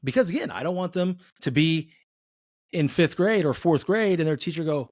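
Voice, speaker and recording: A man hosting a podcast in casual conversation, acting out family exchanges in an animated way. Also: a little high, moderate pace, dry recording, studio quality. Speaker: podcast host.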